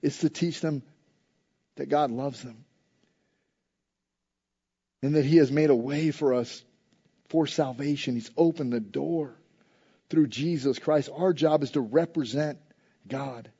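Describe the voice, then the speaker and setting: A man preaches in a high, mellow voice, talking to the congregation as if in conversation. He swings from loud, emphatic lines to soft, low asides. The recording sounds a little dull. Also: a little slow, pauses often, husky. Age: adult with a school-age son. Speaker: pastor. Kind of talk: sermon.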